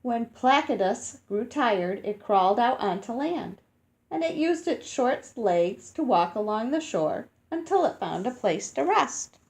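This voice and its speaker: Woman, picture-book reader for children; a slightly high voice, unhurried, sounds out tricky names. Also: very animated. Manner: explains words and asks children questions as she reads; slow and careful, sounding out hard names.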